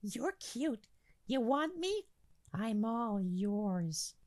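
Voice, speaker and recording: A man doing a breathy falsetto gangster's moll. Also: huge pitch swings, slow pace, exaggerated voice. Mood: teasing.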